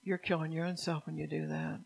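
A middle-aged woman preaching a fervent sermon, scolding the listeners and rising to loud, emphatic bursts. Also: low-pitched, flat delivery, fairly quick, gravelly, slightly rough, low-quality recording.

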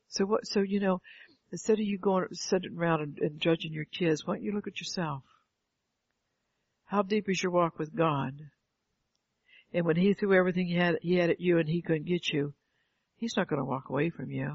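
Gravelly, husky older woman preaching. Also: on the low side, a little fast, no echo. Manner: fervent, calls out "Amen" and rhetorical questions. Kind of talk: sermon. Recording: dull lo-fi, dry sound.

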